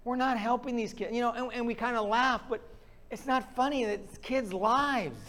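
A man's voice: very high voice, normal speed, fairly bright tone. A man preaching a sermon, impassioned and ranting as he pounds the pulpit. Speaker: pastor.

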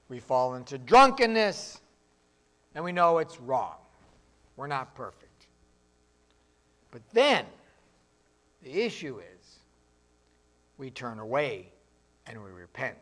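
A man's voice: on the high side, pushed and bright. A man preaching a sermon as pastor, in a plainspoken, conversational way, acting out voices of the people he quotes.

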